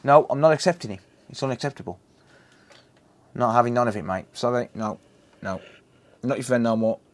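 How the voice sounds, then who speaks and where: A man's voice: mid-range voice, brisk. A man chatting casually and joking with his live chat while repairing a console, swearing freely.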